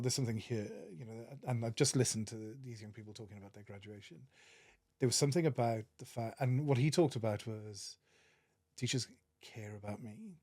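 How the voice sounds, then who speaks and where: A man with a Welsh accent, a podcast guest telling stories in an earnest, animated way with many restarts. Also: medium pitch, dry recording, clean studio sound. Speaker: podcast guest, managing director. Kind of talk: casual interview storytelling.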